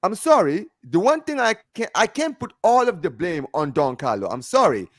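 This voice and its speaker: Animated man on a football call. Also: high voice, normal speed, slight background noise. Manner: animated, repeats "you understand what I'm saying". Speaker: football podcast co-host. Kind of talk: heated casual football debate. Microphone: home mic over internet call.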